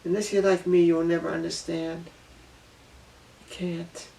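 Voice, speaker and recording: This vlogger, a man with a gravelly, fairly high voice, delivers an earnest, emotional personal monologue, circling back and repeating himself. He's a little away from the mic, so he sounds distant. His tone is level and dark, and he speaks a little slowly.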